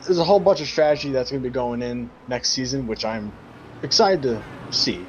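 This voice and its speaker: A man's voice: mid-range voice, lively intonation, fairly quick, slight background noise. A man joining a sim racing broadcast as a guest, explaining tire strategy plainly, with a few ums. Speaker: guest commentator. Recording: dull lo-fi voice chat line.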